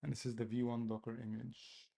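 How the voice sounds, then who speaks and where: Male developer, husky fry in the voice, casual live-coding talk, mutters and laughs at his own mistakes. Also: medium pitch, level tone, a little fast, dark tone. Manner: mutters to himself, self-mocking, repeats phrases.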